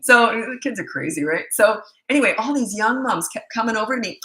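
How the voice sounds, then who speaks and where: A middle-aged woman, a parenting coach, gives blunt, animated advice in a casual storytelling talk, acting out the people in her stories. Her medium-pitched voice is bright and forceful, she talks fast with few pauses, and the echo of a roomy space surrounds her.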